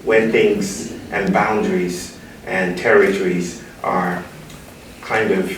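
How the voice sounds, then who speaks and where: A man's voice: sits low, fairly even intonation, slow, fairly bright tone, slight background noise. A man from Nigeria giving a keynote talk, playful and engaging the audience in call-and-response. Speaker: keynote speaker. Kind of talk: public talk. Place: large room with an audience. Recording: echoey hall, distant mic.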